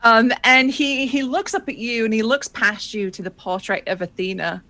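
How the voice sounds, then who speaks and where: A woman's voice: a little high, steady tone, normal speed, bright, forceful tone. A woman narrating a tabletop game as game master, casual and self-deprecating, swearing freely.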